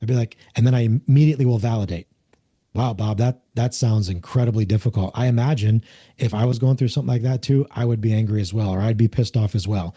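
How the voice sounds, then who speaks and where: Dark, husky-voiced man explaining earnestly. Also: mid-range voice, fast. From United States. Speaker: podcast guest, former police officer. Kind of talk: conversational interview talk.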